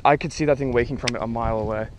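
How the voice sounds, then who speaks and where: A man fishing from a boat outdoors, talking casually to viewers and breaking into excited exclamations. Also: medium pitch, very fast, background noise. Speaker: angler. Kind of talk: casual fishing vlog commentary.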